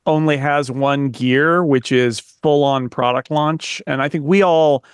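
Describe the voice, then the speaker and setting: A man's voice: fairly high pitch, steady tone, unhurried, clean tone, no room sound, studio quality. A man co-hosting a tech podcast in casual panel talk, wry and rambling with joking asides. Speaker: podcast co-host.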